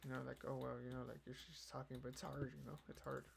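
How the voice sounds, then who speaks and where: With a quick, flat, gravelly mid-range delivery, the young man running this casual podcast rambles and swears. He fills nearly every line with "you know" while keyboard clicks and noise carry on behind.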